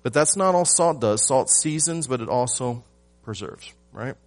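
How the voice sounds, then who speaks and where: A man preaching a sermon to his church, asking rhetorical questions and swinging from loud emphasis to hushed lines. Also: medium pitch, animated, moderate pace, soft background music. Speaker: pastor.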